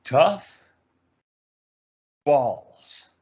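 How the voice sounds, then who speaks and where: A man co-hosting a podcast, making dry, deadpan remarks in casual chat. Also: fairly high pitch, extremely slow. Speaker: podcast co-host.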